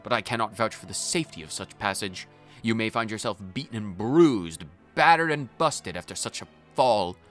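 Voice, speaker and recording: A man's voice: lowish voice, normal speed, a bit bright, soft background music, lightly acted. Man voicing a fisherman, pompous, archaic wording, game dialogue. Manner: pompous, old-fashioned speech.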